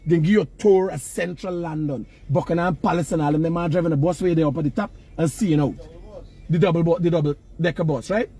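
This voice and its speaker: A high-pitched man with a Guyanese accent lectures emphatically in casual street talk. His voice has a husky edge. He speaks outdoors, sliding into Creole phrasing as he pushes his point. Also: fast talker, dark tone. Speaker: vlogger. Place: outdoors near work sites.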